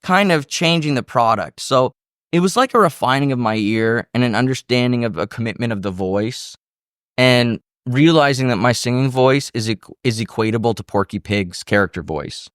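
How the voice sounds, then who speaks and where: Animated male podcast host, dry close sound. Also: mid-range voice, normal speed, smooth, no room sound. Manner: animated storyteller, acts out quotes. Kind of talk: casual interview chat.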